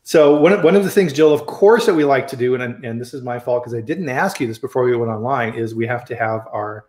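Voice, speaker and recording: A man's voice: medium pitch, brisk, a little mellow. A man hosting a casual live-stream chat, upbeat and chatty, greeting viewers and his guest. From American Midwest. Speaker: livestream host. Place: home studio, Colorado. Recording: roomy echoey home room.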